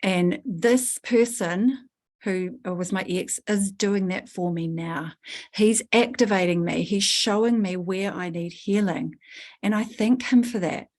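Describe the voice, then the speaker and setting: A woman leading a spiritual workshop, coaching a participant in an earthy, animated way, laughing and swearing casually. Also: mid-range voice, takes it slowly. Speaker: workshop leader.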